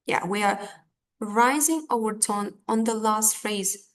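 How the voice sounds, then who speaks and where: Woman teacher, unhurried, patient, filler words. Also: medium pitch. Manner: slow, patient, with fillers and restarts. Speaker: English teacher. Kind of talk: online language lesson.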